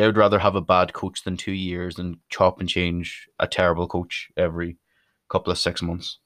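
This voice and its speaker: Chatty Irish man with a low voice. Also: a bit bright, no echo, clean studio sound. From Ireland. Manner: chatty, self-deprecating, rambling with restarts. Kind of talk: casual opinion monologue.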